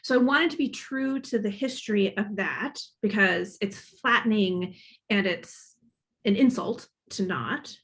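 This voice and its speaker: Woman with vocal fry, Midwestern accent. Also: medium pitch, a little slow, a bit bright. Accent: Midwestern with a slight Boston inflection. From Northern Kentucky. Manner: reflective and candid, thinking aloud with frequent "um" and "like". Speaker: author, guest speaker. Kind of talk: casual conversational talk at a library author event.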